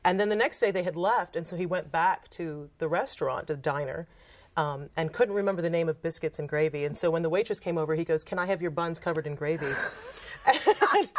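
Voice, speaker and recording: A photographer and author from Trinidad speaks a little fast in a low-pitched voice. She's telling anecdotes in a casual interview, animated throughout, and she performs the quoted dialogue as she goes.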